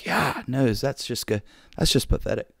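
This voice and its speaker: Excitable man telling stories. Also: medium pitch, moderate pace, vocal fry, no echo. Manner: excitable, slangy, peppered with dude and bro. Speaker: podcast host. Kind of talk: casual storytelling.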